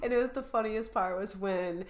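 A woman's voice: mid-range voice, moderate pace. A woman guest on a podcast, telling stories in a chatty, casual way. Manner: chatty storytelling with laughs. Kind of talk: casual chat.

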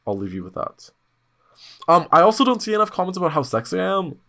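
A man hosting a podcast in casual chat, telling stories in a blunt, slangy, animated way with sudden excited jumps in pitch. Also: quick pace. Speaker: podcast host.

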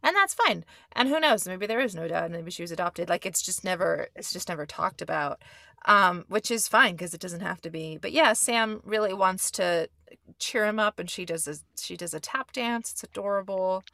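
A woman's voice: lowish voice, lively intonation, moderate pace, vocal fry, pushed and bright, no room sound, clean studio sound. A woman hosting a casual chat about a film, sounding stuffed up and laughing often. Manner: chatty, laughs often, trails into restarts. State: stuffed-up nose. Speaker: podcast host.

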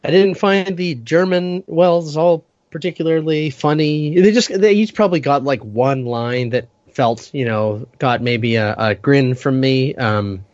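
Measured man, dry muffled audio. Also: mid-range voice, darkish tone, no echo. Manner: measured, hesitant, fillers. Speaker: podcast co-host. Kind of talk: casual chat.

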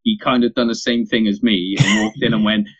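A man's voice: lowish voice, fairly quick, muffled recording. A young father, telling stories in a casual podcast chat, swearing freely. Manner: sweary, animated anecdote teller.

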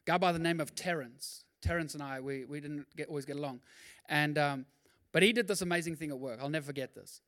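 A male pastor preaching a sermon in a lively, conversational way, with quick asides and acted-out quotes. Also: on the high side.

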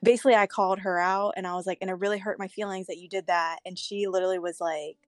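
A woman's voice: medium pitch, fairly even intonation, quick pace, no echo, clean studio sound. A young woman telling a candid story in casual chat, swearing freely.

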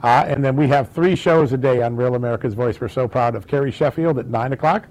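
A man's voice: medium pitch, brisk, darkish tone, poor audio. A man appearing as a guest on a talk show, talking in an easygoing way with frequent fillers. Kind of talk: casual interview plug.

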